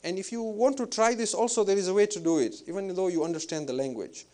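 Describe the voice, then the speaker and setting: A man's voice: high voice, darkish tone. Reflective man giving a spiritual talk. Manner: measured, reflective, with hesitant fillers. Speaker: Islamic preacher. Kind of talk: spiritual lecture.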